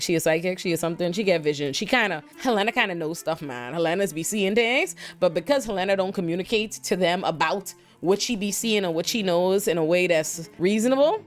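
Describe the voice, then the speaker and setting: Young woman, fairly low voice, emphatic, slangy storytelling, light music behind. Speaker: TV recap host. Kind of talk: casual TV episode breakdown.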